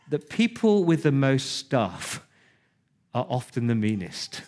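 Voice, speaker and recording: A man's voice: medium pitch, animated, a little slow, a little mellow. A man preaching a sermon, retelling scripture conversationally with emphatic repetition.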